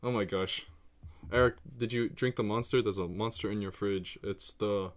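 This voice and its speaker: A man streaming live, chatting casually and excitably to himself and his viewers while he plays a geography guessing game, swearing freely. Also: fairly low pitch, normal speed.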